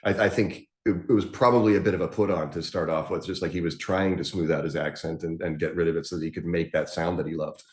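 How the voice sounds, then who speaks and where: A man's voice: deep voice, steady tone, quick pace, hardly any pauses. A man co-hosting a podcast in a casual chat, talking loosely with plenty of restarts and repeated words. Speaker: podcast co-host. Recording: roomy echo.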